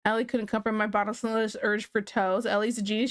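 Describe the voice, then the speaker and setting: A woman chatting casually to her livestream chat in a relaxed, talkative way while she draws. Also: medium pitch, brisk, dry recording. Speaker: livestreamer drawing on stream.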